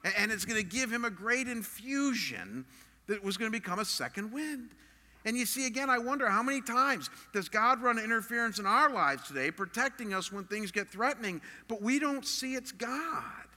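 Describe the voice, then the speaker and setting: A man's voice: sits high, animated, normal speed, sharp tone, big-room sound. A man preaching a sermon as a pastor, earnest and emphatic in a conversational way.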